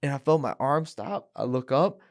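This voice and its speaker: Animated young man telling a story. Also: medium pitch, moderate pace. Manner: animated, acts out voices in his story. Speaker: guest, fighter. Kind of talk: casual storytelling. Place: podcast studio.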